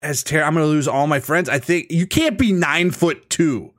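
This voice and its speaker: A man's voice: on the high side, normal speed, fairly bright tone. A man co-hosting a casual chat, reading out questions in a playful, teasing way and laughing often.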